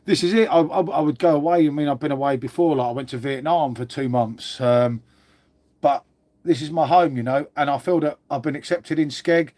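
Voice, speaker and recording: Casual male streamer, a touch high-voiced, blunt, sweary, constant "mate". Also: fairly quick, mellow. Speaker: livestream host. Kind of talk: casual livestream chat answering viewers.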